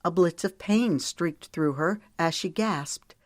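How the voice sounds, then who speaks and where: Steady low-voiced woman narrating. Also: no room sound. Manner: measured, steady storytelling. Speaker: audiobook narrator. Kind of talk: scripted narration.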